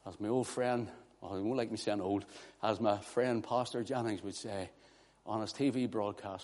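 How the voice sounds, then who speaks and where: A man preaching a sermon, swinging from hushed, quiet passages to loud, impassioned declarations. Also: on the low side, moderate pace. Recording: long hall reverb.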